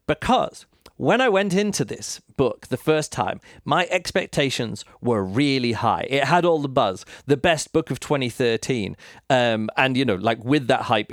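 A man with a smooth, resonant voice talks through a book review in a loose, rambling way, pausing and circling back as he thinks aloud. The sound is close and dry, with no room around it. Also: medium pitch, no echo. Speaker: podcast host reviewing books. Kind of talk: casual spoken book review.

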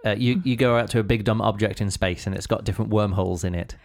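A man's voice: lowish voice, fairly even intonation, quick pace. A man hosting a book review podcast, chatting casually with lots of fillers and restarts. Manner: rambling, full of fillers and restarts. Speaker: podcast host.

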